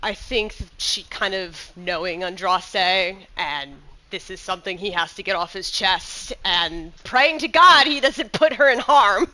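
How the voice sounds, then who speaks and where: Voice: medium pitch, expressive, a little slow, hardly any pauses, bright, forceful tone, poor audio. Casual, rambling tabletop game player. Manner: casual, rambling, heavy with fillers.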